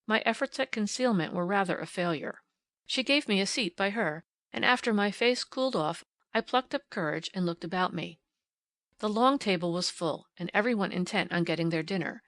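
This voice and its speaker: A woman's voice: mid-range voice, no echo. A woman from New Zealand with a New Zealand accent, expressively narrating an audiobook in the first person. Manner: expressive storytelling reading.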